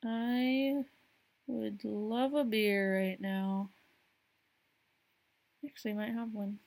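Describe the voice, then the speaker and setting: A woman's voice: medium pitch, steady tone, takes it slowly, gravelly, a little mellow. A young adult woman hosting a casual solo podcast, rambling with lots of fillers and frequent laughs. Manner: rambling, frequent "like" and "you know", laughs often. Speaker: podcast host.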